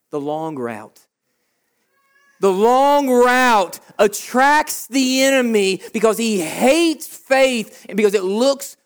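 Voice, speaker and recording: A youth pastor preaching a sermon in church, emphatic and animated, addressing the teenagers directly. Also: mid-range voice.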